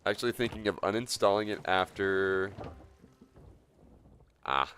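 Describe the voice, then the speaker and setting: A relaxed man chats through his gaming livestream in a low, deep voice. He rambles easily from one thought to the next and chuckles often. A faint hum of noise sits behind him. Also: measured pace. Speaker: game streamer. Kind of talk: casual livestream commentary.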